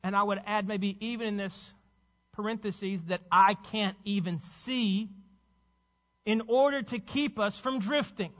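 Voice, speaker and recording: Male pastor giving an urgent sermon, high voice, muffled, echoing sanctuary sound. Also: steady tone, unhurried, a bit bright. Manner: urgent, exhorting preacher with rhetorical questions.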